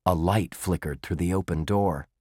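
A man narrating a children's chapter book in a measured, expressive storytelling manner. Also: low voice, no room sound, studio quality. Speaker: audiobook narrator.

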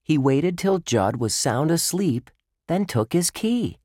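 Man reading as an eager, clever kid detective, pitched up high, lively, dry close sound. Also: slow pace, no room sound, heavily acted. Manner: eager, know-it-all. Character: quick-witted young boy detective.

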